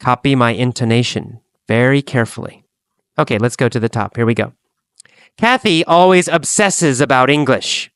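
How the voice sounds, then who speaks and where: A man teaching an English lesson, speaking slowly and deliberately and repeating phrases for learners to copy. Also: mid-range voice, fairly bright tone, clear, resonant tone, dry recording. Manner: slow, deliberate, repetitive drilling.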